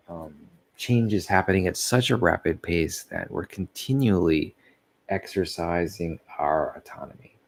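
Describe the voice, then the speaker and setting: A man's voice: low-pitched, gravelly. A tired, sleepy man rambling casually in a vlog, yawning, losing his thread and chuckling at himself. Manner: meandering, loses his thread, laughs softly at himself. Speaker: vlogger.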